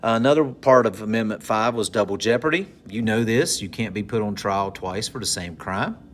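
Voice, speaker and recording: A man's voice: on the low side, moderate pace, fairly bright tone, a little hiss or hum. Joking man teaching civics. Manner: conversational, jokey, repeats points for note-taking. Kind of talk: recorded civics lesson.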